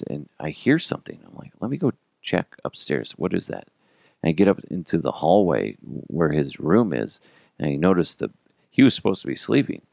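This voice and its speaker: Low gravelly-voiced man telling stories. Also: no echo, studio quality. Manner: profane, animated, acts out quotes. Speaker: podcast host. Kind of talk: casual comedic storytelling.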